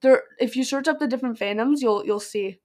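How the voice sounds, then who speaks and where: A woman's voice: a little high, brisk, a little mellow. A teenage girl co-hosting a podcast, telling stories casually and acting out what people said. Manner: storytelling, acts out quoted voices, laughs often. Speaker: podcast co-host. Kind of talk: casual chat.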